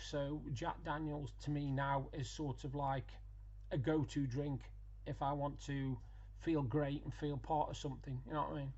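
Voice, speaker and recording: A man's voice: on the high side, darkish tone, muffled recording. A middle-aged man, chatting casually in a daily vlog and telling stories with plenty of ums and asides. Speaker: vlogger.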